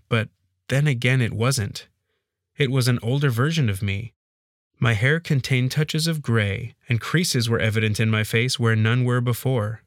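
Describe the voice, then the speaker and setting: A man's voice: medium pitch, dry recording, studio quality. Man reading a first-person story. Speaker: audiobook narrator.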